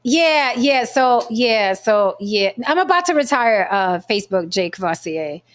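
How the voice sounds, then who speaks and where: A woman hosting a casual chat show, telling a story in a blunt, profane, animated way. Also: a little high, measured pace. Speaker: podcast host.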